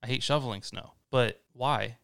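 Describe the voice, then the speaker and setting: A man's voice: mid-range voice, normal speed, creaky, a bit bright, smooth. A man co-hosting a podcast, laid-back and reasoning things through, a bit defensive. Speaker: podcast co-host. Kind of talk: casual chat.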